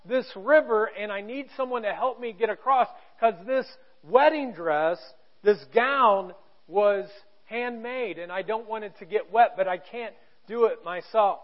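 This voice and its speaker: A man's voice: high voice, a little slow, dull audio. A man telling of a tearful young bride. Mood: pleading.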